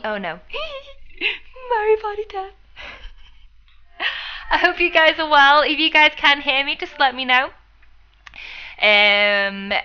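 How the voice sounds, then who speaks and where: A woman's voice: a little high, bright, forceful tone, smooth, dull audio. A young woman live streaming a game, chatting with viewers and greeting them by name. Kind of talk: live stream chat while gaming.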